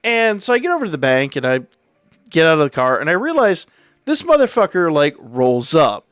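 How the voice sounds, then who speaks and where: A man's voice: on the high side, very animated, brisk, fairly bright tone, clean tone, no room sound, studio quality. A man hosting a livestream, telling a story in a wry, profane, casual way. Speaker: livestream host.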